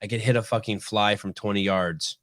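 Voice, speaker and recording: A middle-aged man hosting a podcast, telling stories in casual chat, swearing freely and getting animated. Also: fairly low pitch, brisk, no room sound, clean studio sound. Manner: profane storytelling, animated. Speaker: podcast host.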